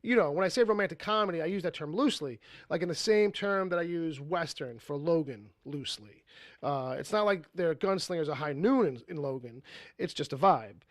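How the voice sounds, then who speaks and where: A man's voice: fairly high pitch, brisk, no echo, clean studio sound. A man co-hosting a podcast, rambling casually about movie news, with frequent swearing and laughter. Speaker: podcast co-host.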